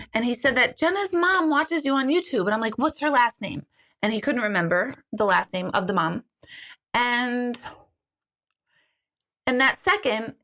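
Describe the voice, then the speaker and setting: A woman's voice: on the high side, bright, forceful tone. A middle-aged woman hosting a casual livestream from home, rambling and self-mocking as she talks straight to her viewers. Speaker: host of an intuitive reading livestream.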